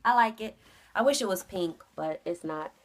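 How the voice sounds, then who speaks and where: Speaking at a normal pace, a young woman trucking vlogger narrates a story to her camera in an animated, casual style. She breaks into loud, high re-enactments and lowers her voice for hushed asides.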